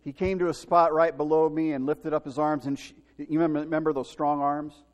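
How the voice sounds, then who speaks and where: A male pastor delivers a Sunday sermon in a slightly raised voice, mixing teaching with a vivid story. He acts out the quotes with sudden shouts and jumps in pitch. The sound has a long reverb from a large church sanctuary. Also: level tone, brisk.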